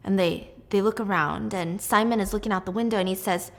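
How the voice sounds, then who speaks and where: A young woman casually retelling a mystery story while baking, chatty and animated, acting out the characters' lines. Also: mid-range voice, brisk, few pauses, big-room sound. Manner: animated, chatty, acts out quotes. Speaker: storytelling baker host.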